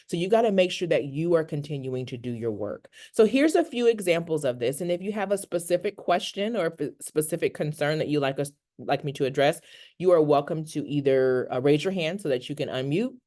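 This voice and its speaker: Over a video call, a counselor hosts an online workshop in a loose, conversational manner. Her pitch sits in the middle range, and she often tosses in "right?" to check in.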